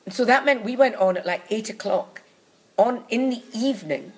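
A woman's voice: a little high, moderate pace, breathy edge, rough recording. A woman chatting in an interview, telling wry, bawdy stories and dropping into comic voices for the people in them. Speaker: guest recounting her acting past. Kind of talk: anecdotal interview chat.

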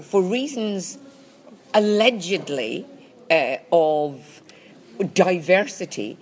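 A woman's voice: fairly low pitch, animated, normal speed, breathy edge. A woman co-hosting a comedy podcast in a dry, teasing, precise manner. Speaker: podcast co-host. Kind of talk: casual comedic chat.

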